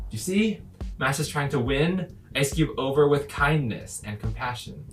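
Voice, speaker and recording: A man's voice: mid-range voice, a little slow, soft background music. A man casually commenting on his own comics, chatty with lots of fillers. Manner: chatty, lively, frequent laughs and fillers.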